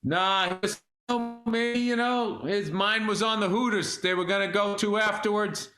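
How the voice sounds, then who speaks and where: A high-voiced man with a bright, forceful edge, swearing freely as he tells stories in casual podcast chat. His voice bounces around a roomy, echoey studio. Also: normal speed, soft background music. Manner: profane, animated storytelling. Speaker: podcast co-host.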